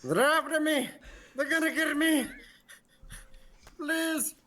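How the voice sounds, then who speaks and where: A man's voice: extremely high pitch, slow pace, a loud crowd, pitched above the performer's own voice. A man voicing a frightened, out-of-breath older man who is fleeing and begging for help. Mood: panicked. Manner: pleading, panicky, urgent. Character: frightened, wheezing old man on the run.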